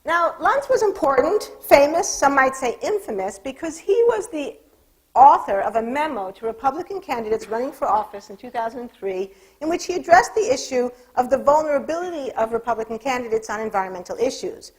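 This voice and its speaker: A woman giving a public lecture to an audience, speaking in a measured way with dry, wry asides. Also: sits high, lively intonation, rough recording. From California, United States.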